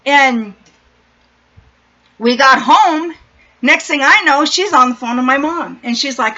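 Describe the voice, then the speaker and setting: Middle-aged woman from san diego, high bright voice, blunt and swears a lot, dull lo-fi sound. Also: slow, pauses often. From San Diego, USA. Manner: blunt, profane, animated. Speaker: vlogger. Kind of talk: casual storytelling chat. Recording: dull lo-fi recording.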